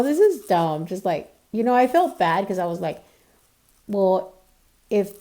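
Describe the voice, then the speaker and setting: A woman speaks to her viewers in an unhurried, conversational way, her voice warm and mellow at a middling pitch. She strings her story along with fillers and asides and earnestly insists that every word is true. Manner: chatty, many fillers and asides. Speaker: vlogger. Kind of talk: casual storytelling.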